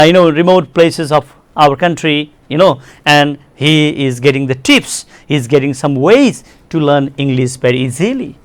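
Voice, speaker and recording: Nepali guy teaching an english class on tv, kinda high voice, dry sound, keeps saying my dear students. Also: no room sound. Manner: repeats words, addresses "my dear students". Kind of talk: classroom lecture on television.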